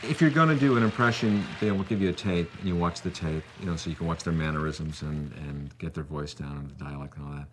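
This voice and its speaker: A comedy cast member explaining the work in quick, earnest interview talk. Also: male voice, extremely low pitch, very noisy. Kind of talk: interview soundbite.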